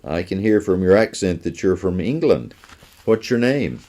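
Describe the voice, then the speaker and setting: A man voicing a serious, gentle minister, reading from a children's storybook. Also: deep voice, expressive, voice pushed up. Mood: earnest. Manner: earnest, measured. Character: earnest male Scottish minister, gentle and serious.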